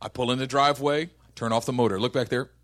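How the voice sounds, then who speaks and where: Speaking fast with a steady, slightly bright mid-range voice, a pastor in his thirties delivers a sermon. He starts with funny family stories and builds toward impassioned preaching.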